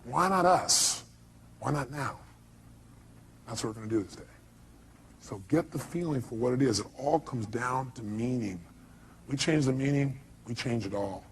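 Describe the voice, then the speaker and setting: A man's voice: mid-range voice, normal speed, pauses often, a little mellow, a little hiss or hum, poor audio. A man giving an emphatic motivational speech to a live audience, firing off rhetorical questions. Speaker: motivational speaker.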